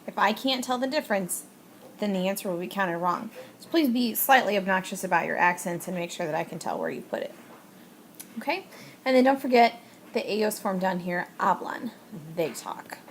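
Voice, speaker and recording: A woman's voice: mid-range voice, lively intonation, moderate pace, slight background noise. Patient woman teaching a video lesson. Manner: patient, explains step by step with frequent fillers. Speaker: Spanish teacher.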